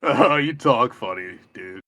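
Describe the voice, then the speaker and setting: A laid-back man playing in a tabletop game, slangy and unhurried. He speaks very slowly with a bright tone. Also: mid-range voice, expressive. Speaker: player. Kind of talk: casual game talk.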